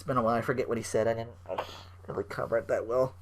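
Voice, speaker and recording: A man's voice: mid-range voice, fairly even intonation, racing. A young man hosting a solo podcast, rambling and swearing as he recaps wrestling shows and acts out lines. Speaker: podcast host.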